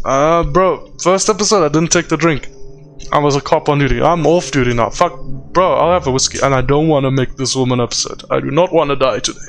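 A man joking and swearing as he plays through a story game, talking to viewers casually. His voice sits fairly high. Game music hums faintly under him. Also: fairly quick. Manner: profane, joking, calls viewers bro. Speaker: let's play host. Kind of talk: casual gameplay commentary.

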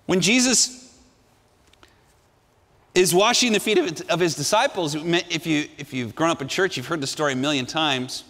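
A male pastor preaching a sermon with emphatic delivery, dropping to a hush and then rising to ringing emphasis. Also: a little high, normal speed, pauses often, big-room sound. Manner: emphatic, swinging between hushed and ringing delivery.

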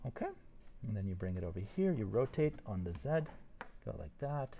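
An older man teaching a 3D modeling tutorial live, talking fast and excitedly while he demonstrates and encourages his students. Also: on the low side, dull audio, a little hiss or hum. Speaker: 3D modeling instructor.

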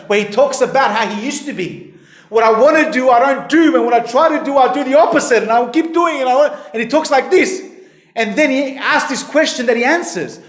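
A high-pitched man preaches a sermon with earnest conviction. His voice climbs to emphatic peaks and falls back to a low, quiet register. The sound is roomy and echoey.

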